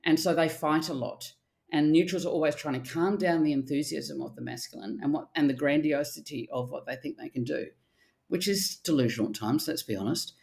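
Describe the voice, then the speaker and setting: A middle-aged woman with a low, deep voice talks in a relaxed podcast chat. She is an animated, blunt therapist who swears now and then. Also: brisk, creaky. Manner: animated, acts out quotes, blunt with casual swearing. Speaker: archetypal therapist guest.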